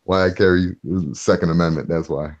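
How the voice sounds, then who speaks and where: A low-pitched man hosts a loose, profane podcast chat. He laughs often and gets worked up when he talks. The audio is dull and lo-fi. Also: little pitch movement, brisk. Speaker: podcast host reading chat.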